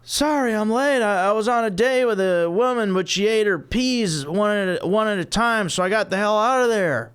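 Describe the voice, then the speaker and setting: A man doing a jittery, high-voiced stand-up comic. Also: a bit bright, clean tone. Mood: flustered. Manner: high, quick, nervous delivery. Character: neurotic young male stand-up comic, jittery.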